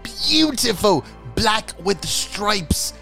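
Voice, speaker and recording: A man's voice: high voice, sing-song, very slow, sharp tone, faint music behind. A man co-hosting a podcast in casual comedic chat, playful and often putting on a mock-fancy posh voice in sing-song. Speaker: podcast co-host.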